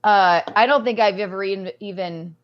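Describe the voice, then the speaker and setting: She is a woman in casual conversation, talking animatedly and tripping over her own restarts. Her voice sits at an ordinary pitch, and the audio comes through dull and lo-fi, as if over a video call. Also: moderate pace, no echo. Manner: animated, giggly, rambling with restarts. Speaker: podcast guest. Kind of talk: casual chat.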